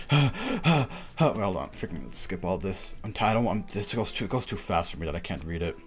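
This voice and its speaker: A man streaming a game, chatting casually in a rambling way, full of fillers and quick laughs. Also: deep voice, big pitch swings, soft background music. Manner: rambling, filler-heavy, laughs often, says "bro" and "freaking". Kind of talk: casual live-stream chat while playing.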